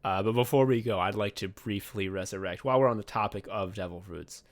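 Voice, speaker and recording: A man's voice: lowish voice, a little fast. Sardonic, swearing male podcast host. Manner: profane, sardonic, acts out whiny voices. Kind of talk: casual comedic chat.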